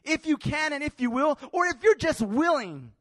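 A man preaching a sermon in a lively, colloquial way, acting out scenes with slangy voices. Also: very high-pitched, normal speed, dry recording. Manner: animated, colloquial, acts out Bible characters in street slang.

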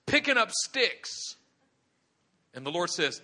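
A male preacher tells the story dramatically, his high voice swinging widely in pitch. The tone is bright and forceful, and he often builds up to shouts. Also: animated, normal speed. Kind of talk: sermon.

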